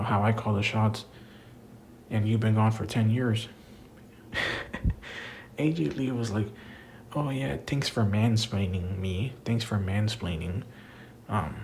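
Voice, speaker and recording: A man's voice: fairly low pitch, gravelly, a little mellow, slight background noise. A young man in a casual, exasperated rant about wrestling, swearing a lot and calling the listener "bro". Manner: profane, exasperated, says "bro" often. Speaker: wrestling commentator vlogger.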